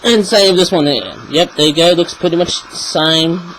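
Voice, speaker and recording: A fairly high-voiced man reviews toys in a loose, rambling way, stopping now and then to clear a frog from his throat. A faint background hiss sits under his chatty delivery. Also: normal speed, fairly bright tone, rough recording. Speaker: toy reviewer. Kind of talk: casual video review.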